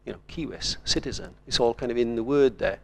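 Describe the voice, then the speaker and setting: A man's voice: mid-range voice, a little fast, creaky. An older man from Wales, a writer speaking on a conference panel in a thoughtful, digressive way.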